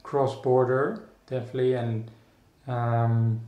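This artist guest from the Netherlands speaks in a mid-range voice with little pitch movement, and the recording sounds muffled. He muses thoughtfully in an echoey room during a casual interview, halting often with restarts and fillers.

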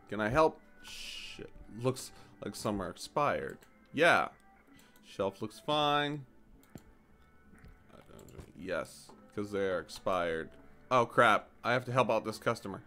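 A man giving casual, animated commentary while playing a store game, jumping to high excited exclamations and mock-polite shopkeeper lines. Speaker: gaming YouTuber.

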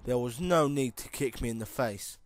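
A man's voice: medium pitch, normal speed. Chatty man joking over gameplay. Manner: jokey, chatty, rambling asides. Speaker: gameplay commentator. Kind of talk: casual let's-play commentary. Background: game music and sound effects.

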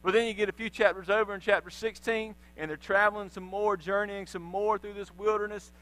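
A pastor delivers a sermon in a church sanctuary, animatedly retelling the story and slipping into the voices of biblical figures. He speaks fairly quickly in a high, bright, ringing voice. The rough recording carries a faint electrical hum underneath.

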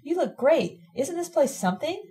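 A woman voicing a bubbly, excited young woman in an audiobook reading. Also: high-pitched, normal speed, pitched above the performer's own voice. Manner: excited, exclaiming. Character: exuberant young woman freed from prison, affectionate.

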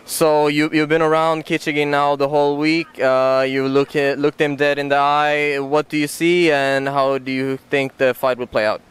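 A man reporting on site asks his questions in a very flat, level tone with a remarkably clear, clean voice. He rambles and stumbles, restarting his words often. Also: fairly high pitch, normal speed, hardly any pauses. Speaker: interviewer, reporter. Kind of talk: interview questions.

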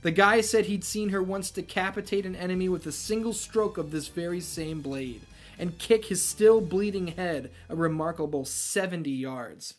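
A man's voice: high-pitched, normal speed, hardly any pauses, faint music behind. A man reading a novel aloud as host, breaking off for sarcastic asides. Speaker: reader and host.

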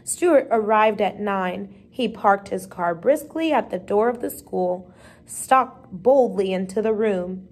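A woman with a steady, measured delivery, reading a storybook chapter aloud. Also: mid-range voice. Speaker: reader.

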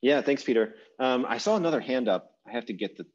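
A man teaching an online language class over a video call, talking in a relaxed, rambling way with fillers and restarts. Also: medium pitch, fast. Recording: dull lo-fi video call audio.

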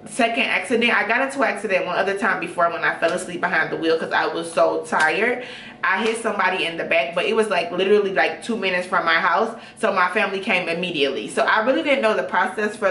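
A young woman telling a story casually, chatty and animated with lots of fillers. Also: medium pitch, far from the mic, a little hiss or hum. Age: young adult. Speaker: vlogger. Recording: roomy room, off-mic.

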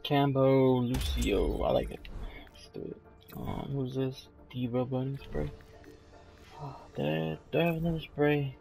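A tired young man giving casual, low-key gameplay commentary into a headset mic, trailing off with fillers. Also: steady tone, a little slow, gravelly, mellow, soft background music. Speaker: gaming YouTuber. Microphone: gaming headset mic.

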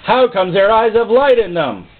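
A man's voice: high-pitched, expressive, normal speed. A man preaching a sermon, emphatic and repeating phrases for stress. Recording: tinny phone-like sound.

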